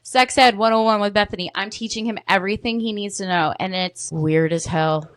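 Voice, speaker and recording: A woman's voice: mid-range voice, fairly quick, clear, resonant tone. Candid woman in her thirties telling stories. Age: 30s. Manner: candid, animated storytelling, heavy swearing. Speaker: podcast guest. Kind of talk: casual chat.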